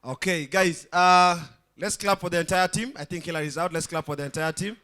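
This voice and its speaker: Casual MC with faint music behind. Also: male voice, high-pitched, fairly quick, sharp tone. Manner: casual, rallying the crowd to clap. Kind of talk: live event announcing. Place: live comedy stage.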